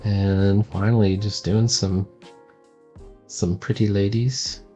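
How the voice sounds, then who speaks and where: Low-voiced man rambling through a sketchbook. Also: little pitch movement, slow pace, warm tone, highs cut off, faint music behind. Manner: rambling and self-deprecating, with many fillers. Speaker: cartoonist showing his sketchbook. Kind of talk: casual sketchbook tour.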